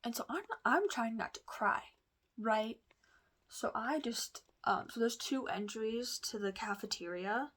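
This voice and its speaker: A woman's voice: on the high side, unhurried, a bit bright. A woman vlogger telling a personal story in a casual, rambling way, full of fillers, restarts and asides. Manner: chatty, confiding.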